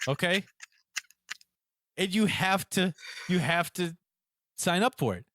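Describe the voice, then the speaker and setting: A man on a casual podcast telling an animated, ranting story about phone calls and acting out both sides. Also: high-pitched, measured pace, pauses often, dry recording, clean studio sound. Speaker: podcast co-host. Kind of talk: casual chat.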